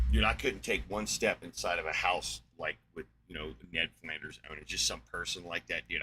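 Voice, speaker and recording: A man's voice: low-pitched, sharp tone, a little hiss or hum, poor audio. A man in his forties from New Mexico, ranting angrily on his podcast with constant swearing and rambling asides. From New Mexico, USA. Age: 40s. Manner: angry, rambling, heavy swearing. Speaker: podcast host. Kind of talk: profane solo rant.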